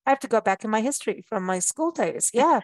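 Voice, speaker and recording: A woman's voice: on the high side, expressive, quick pace, darkish tone, no echo. A woman from Africa, hosting a travel radio show in casual chat, chatty and playful with frequent laughs. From South Africa.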